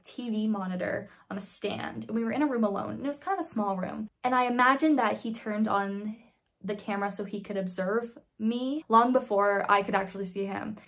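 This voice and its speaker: A woman in her twenties telling a personal story casually, candid and swearing freely. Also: medium pitch. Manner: candid, swears freely, acts out quoted voices. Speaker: vlogger.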